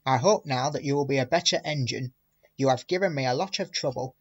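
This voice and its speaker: A man's voice: mid-range voice, husky, close to an everyday voice. Man doing a stern, fatherly railway boss. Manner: measured, fatherly. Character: portly male railway boss, stern but kindly.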